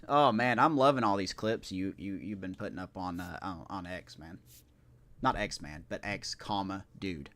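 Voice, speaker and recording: A man's voice: deep voice, moderate pace, fairly bright tone. A man streaming a video game live, talking casually in a rambling, self-correcting way and chatting with his viewers.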